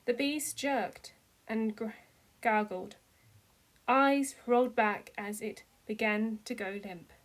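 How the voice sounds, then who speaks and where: Reading her fan fiction slowly, this fairly high-voiced woman narrates at a steady, amateur pace. When the characters cry out, her voice lifts to match.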